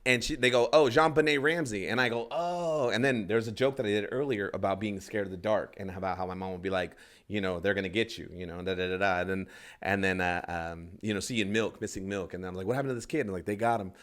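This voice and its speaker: A man's voice: sits low, little pitch movement, fast, fairly bright tone. A man, a stand-up comedian, telling a rambling story in casual podcast talk, acting out other people's lines and swearing freely.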